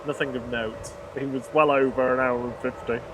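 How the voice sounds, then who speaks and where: A man's voice: mid-range voice, steady tone, normal speed. Chatty man commentating plane spotting outdoors. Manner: chatty, laughs often, reads viewer comments aloud. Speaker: live stream co-host. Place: outdoors by an airport. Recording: outdoor noise behind, aircraft and traffic.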